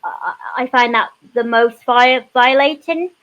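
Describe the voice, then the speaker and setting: A woman's voice: fairly high pitch, unhurried, dull audio. Chatty woman telling stories. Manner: animated storytelling, frequent "you know" asides. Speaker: panel guest. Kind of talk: casual panel chat.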